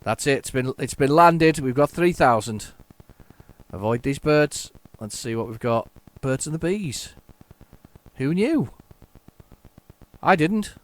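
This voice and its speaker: A man's voice: mid-range voice, animated, slow, pauses often. A man hosting a retro gaming video, chatting casually and rambling through his commentary with many fillers and restarts.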